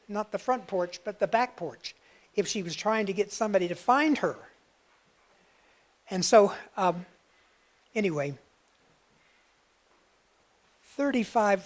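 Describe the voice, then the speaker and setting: A man giving a talk as a guest speaker, telling a personal story with lively swings between loud bursts and hushed passages. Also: sits high.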